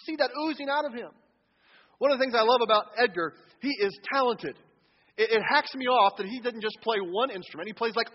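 A man with a very high voice preaching to a congregation, his words trailing off into the long reverb of a large hall. He keeps it humorous, slipping into little acted-out voices as he quotes what people think to themselves. The recording sounds dull and lo-fi. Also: slightly rough. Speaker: pastor. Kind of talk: sermon. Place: church sanctuary.

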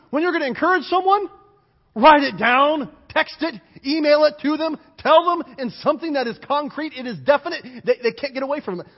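Guy preaching in a church, high husky voice, punchy repeated lists. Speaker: pastor. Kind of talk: sermon. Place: church sanctuary. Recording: dull, hall-reverberant church recording.

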